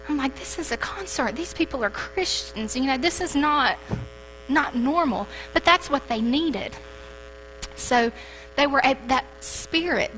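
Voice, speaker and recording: A young woman telling a personal story at a church service, animated and lively, acting out the dialogue. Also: a little high, slight background noise, rough recording. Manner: storytelling, animated retelling with quoted dialogue and laughter. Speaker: church speaker. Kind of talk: testimony to a congregation.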